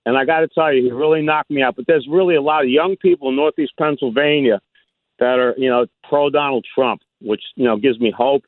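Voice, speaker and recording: A man's voice: medium pitch, a little fast, no echo. A man calling a radio talk show, telling a story in a chatty way. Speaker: caller. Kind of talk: phone-in chat. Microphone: phone. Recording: tinny phone line.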